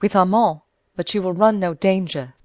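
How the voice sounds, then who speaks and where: A woman's voice: lowish voice, dry recording, natural voice. A woman doing an anxious, pleading noblewoman. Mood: earnest. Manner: quick and feverish, pleading. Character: impulsive, anxious young noblewoman and wife.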